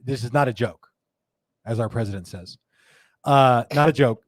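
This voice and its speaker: A man's voice: mid-range voice, moderate pace, no room sound, studio quality. A middle-aged man hosting a live podcast, chatting casually, laughing often and reading viewer comments aloud. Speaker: podcast host. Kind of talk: casual live-show chat.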